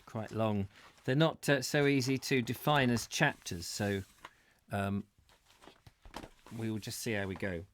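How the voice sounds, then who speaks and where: A man's voice: medium pitch, takes it slowly, pauses often, a little hiss or hum. A man from England hosting a live stream, reading a book aloud and chatting casually about viewer comments, stumbling over names.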